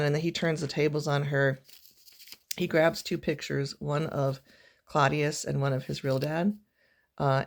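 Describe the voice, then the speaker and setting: A woman teacher giving a casual, chatty recorded lesson recap, talking informally with lots of fillers and self-corrections. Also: deep voice.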